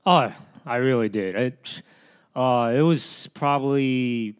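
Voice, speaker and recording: A man's voice: mid-range voice, takes it slowly, clean tone. A man from the United States in casual chat, curious and full of questions, leaning on "like" and "you know".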